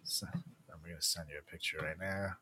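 A man's voice: sits low, steady tone, moderate pace, pushed and bright, a little hiss or hum. A man co-hosting a podcast, chatting casually, laughing often and swearing freely. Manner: giggly, laughs often while talking. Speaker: podcast co-host. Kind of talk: casual chat.

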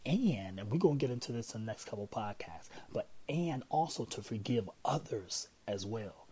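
A man's voice: fairly low pitch, sing-song, moderate pace, mellow, slight background noise, low-quality recording. A man hosting a casual teaching podcast on prayer, talking conversationally with many fillers and repeated phrases.

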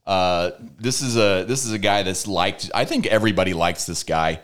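A man's voice: moderate pace, fairly bright tone. A man co-hosting a podcast in casual banter, with a dry, teasing delivery. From Iowa. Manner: dry, teasing delivery with big swings in pitch. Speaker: podcast co-host.

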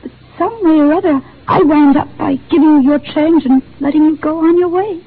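An actress playing a shy, gentle and lonely bookshop clerk, speaking sweetly in a 1940s radio drama on a tinny broadcast. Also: female voice, high voice, fairly quick. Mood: tender. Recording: tinny lo-fi old radio broadcast, faint hiss.

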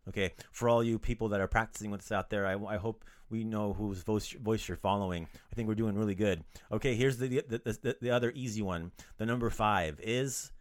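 A man hosting a podcast language lesson in a playful, casual way, joking around and repeating words slowly for learners. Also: lowish voice.

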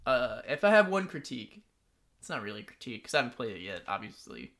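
A man's voice: medium pitch, very animated, fast talker, fairly bright tone. A man co-hosting a podcast, chatting casually and jokingly about video games. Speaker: podcast co-host.

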